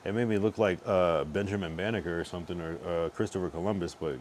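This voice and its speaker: A man's voice: low-pitched, fairly even intonation, fast talker, darkish tone, slight background noise. A man streaming late at night, a bit tipsy, rambling loosely with plenty of profanity as he reacts to things on screen. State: tipsy from drinking.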